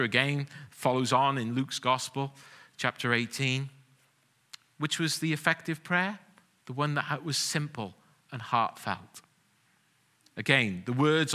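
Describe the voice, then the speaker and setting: Male pastor, forties, sermon, bright tone, conversational, humorous asides. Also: mid-range voice.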